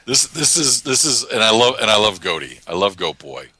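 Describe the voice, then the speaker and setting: A man co-hosting a casual, joking chat, animated and full of sudden pitch jumps. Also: brisk, slightly rough, dry recording. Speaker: podcast co-host.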